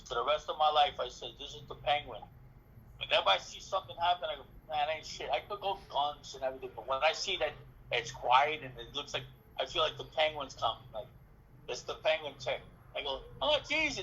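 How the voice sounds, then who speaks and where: A man being interviewed, telling a story in a casual, animated way, acting out dialogue and swearing freely. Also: on the high side, slight background noise. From New York City. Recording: dull lo-fi recording.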